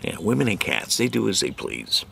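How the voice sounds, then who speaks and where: A man's voice: low-pitched, big pitch swings, normal speed, gravelly, a bit bright, breathy edge. A middle-aged man hosting his own segment, telling rambling folksy jokes with lots of fillers and chuckling at his own punchlines. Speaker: host of a community show segment. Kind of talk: rambling joke-telling monologue.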